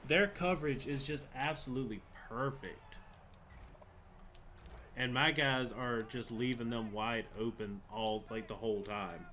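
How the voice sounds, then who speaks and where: A man's voice: mid-range voice, a little slow, sharp tone, a little hiss or hum. A young man giving live commentary over a football video game, frustrated and swearing as he rants about the plays. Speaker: gaming channel host.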